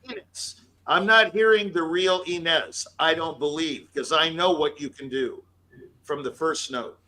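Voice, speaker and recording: Bright, emphatic male piano judge. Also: fairly high pitch, measured pace, poor audio. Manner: emphatic, scats melodies aloud. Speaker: pianist judging an audition. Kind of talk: spoken feedback to a performer.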